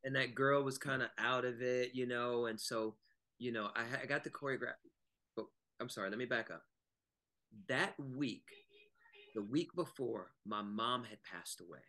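A man from Virginia, a guest actor and choreographer, telling lively anecdotes in a casual interview. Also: medium pitch, moderate pace. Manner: animated anecdote telling with acted quotes.

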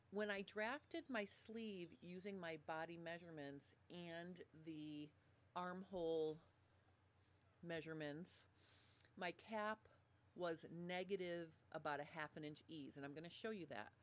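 A sewing instructor on a live stream speaks at a desk microphone in an unhurried voice that sits on the low side. Chatty and methodical, she covers the process step by step while apologizing for trouble with the audio.

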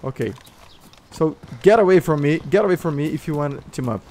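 A man with a Brazilian Portuguese accent barks orders and mocks other players over gameplay voice chat as a gamer streamer, swearing and laughing along the way. His voice is a little high, expressive and fairly quick, with a darkish tone.

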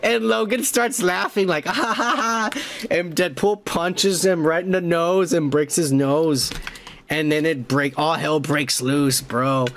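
Excitable, swearing man recapping a film. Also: a little high, a little slow, a little hiss or hum. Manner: excitable, profane, rambling with restarts. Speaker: podcast host. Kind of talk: casual movie review recap.

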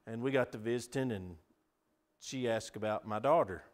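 A middle-aged man preaching a sermon, earnest, building to emphatic appeals and dropping to soft pleas. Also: mid-range voice, moderate pace.

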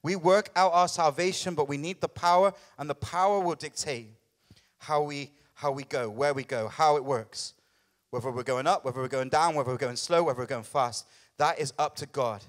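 A man preaching a sermon as lead pastor, conversational and animated, often checking in with the congregation. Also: mid-range voice, moderate pace.

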